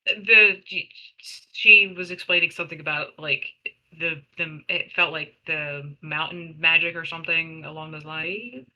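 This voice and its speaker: Hesitant, questioning player with a sharp, bright voice and dull lo-fi audio. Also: mid-range voice, steady tone, measured pace. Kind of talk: tabletop game talk.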